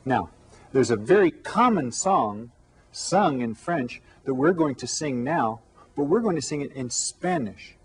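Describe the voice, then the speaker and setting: A man teaching an elementary Spanish lesson to children, with slow, clear, patient speech that switches between English and Spanish. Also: medium pitch, lively intonation.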